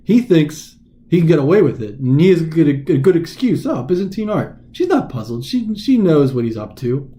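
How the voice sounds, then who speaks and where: Male tutor, casual chatty explainer who acts out the reading, warm tone. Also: on the high side, very animated, normal speed. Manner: informal, chatty, dramatizes the text. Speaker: test prep tutor. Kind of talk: casual recorded lesson.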